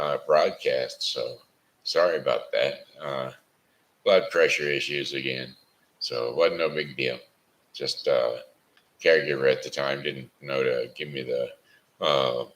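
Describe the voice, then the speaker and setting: A man hosting a casual live home broadcast from Missouri, rambling and chatty, tired, giving shout-outs and singing. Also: rumbling low, low-quality recording. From St. Charles, Missouri. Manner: rambling, chatty, sings a birthday song.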